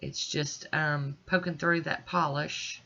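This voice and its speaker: A woman's voice: low-pitched, steady tone, slow, sharp tone, lo-fi sound. A woman with stuffy, congested sinuses, chatting reassuringly to viewers as she walks through a nail art tutorial at home. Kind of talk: casual step-by-step tutorial narration.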